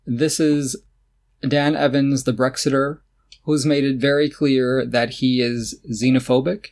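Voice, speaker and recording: A man talking casually as a podcast co-host, with a voice of ordinary middle pitch. He is opinionated and sarcastic, and he laughs often as he makes his points. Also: flat delivery, a little slow, darkish tone. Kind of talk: casual chat about tennis.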